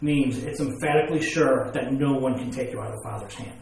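A man's voice: medium pitch, brisk, darkish tone, a little hiss or hum. Man preaching in an echoey room. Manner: explains with everyday examples and rhetorical questions. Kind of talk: sermon with scripture reading.

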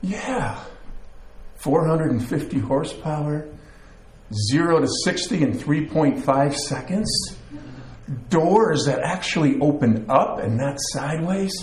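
A man's voice: a little high, measured pace, darkish tone, slight background noise, lightly acted. A man voicing a breezy woman pastor who rattles off car facts, heard with a roomy echo. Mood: chirpy.

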